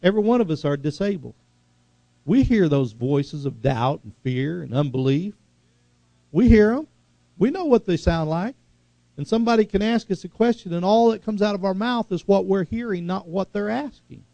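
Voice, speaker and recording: A man preaching a sermon, swinging from loud, high exhortation to hushed, slow earnestness. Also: expressive, gravelly, no echo, lo-fi sound.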